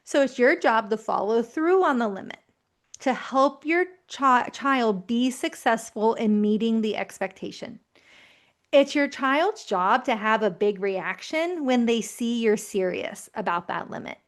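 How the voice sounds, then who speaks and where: A woman in her thirties giving calm, reassuring parenting advice in a gently explanatory way. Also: on the high side, a little slow. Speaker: parenting educator.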